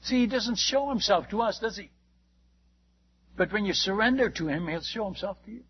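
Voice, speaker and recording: An older man, a missionary preacher, telling stories in a sermon, animated and acting out the dialogue with frequent restarts. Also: sits high, moderate pace, husky, muffled recording. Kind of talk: sermon storytelling.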